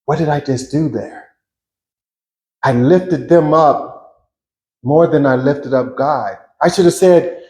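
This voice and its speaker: Man, testimony speaker, emotional and earnest, slightly raised pitch, roomy echo. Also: slow, long pauses, darkish tone. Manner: earnest, emotional storytelling with repeated words and laughs. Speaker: church member giving testimony. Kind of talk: personal testimony.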